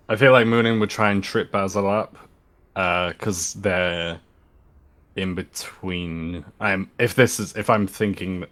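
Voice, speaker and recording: A man's voice: deep voice, fairly bright tone. A man playing a tabletop role-playing game, thinking aloud hesitantly with many fillers. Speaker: player.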